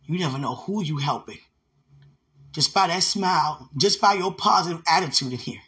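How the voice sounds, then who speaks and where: In a bright, forceful, husky voice pitched a little high, a man talks at a moderate pace to his fiancé. He's a vlogger recording at home by a window, and his casual, devoted words ramble, with lots of laughing.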